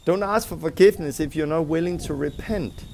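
Emphatic man preaching with gravelly voice. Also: on the high side, a little fast, a little mellow, a little hiss or hum. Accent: Scandinavian. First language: Danish. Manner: emphatic, acts out little scenes with voices. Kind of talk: sermon teaching.

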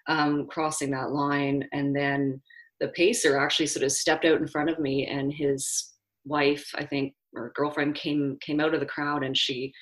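Middle-aged woman, low voice, casual storytelling, halting, many restarts. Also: flat delivery, low-quality recording. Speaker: interview guest, marathon runner.

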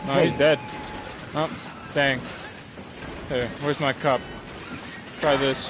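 A man's voice: mid-range voice, steady tone, slow pace, background noise. A young man streaming a video game, joking and talking back to the characters on screen. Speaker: gaming streamer. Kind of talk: let's play commentary.

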